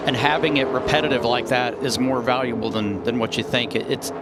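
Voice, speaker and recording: A man, a former driver, commenting on a car race in a relaxed, reflective way. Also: medium pitch, a little fast, over loud music. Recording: loud race car engine noise behind.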